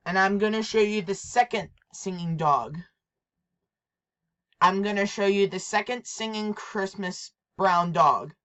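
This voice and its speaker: Slow, hesitant woman showing off toys. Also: medium pitch, fairly bright tone. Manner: repetitive, hesitant, restarts often. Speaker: toy collector vlogger. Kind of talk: casual show-and-tell.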